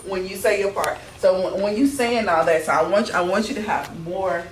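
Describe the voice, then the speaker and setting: A woman directing actors in rehearsal, explaining each beat and checking in with "okay?" as she goes. She is picked up from off-mic in a roomy space. Clear noise runs beneath her. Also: mid-range voice, normal speed, far from the mic. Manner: instructive, repeating "okay?" to check understanding. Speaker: film director.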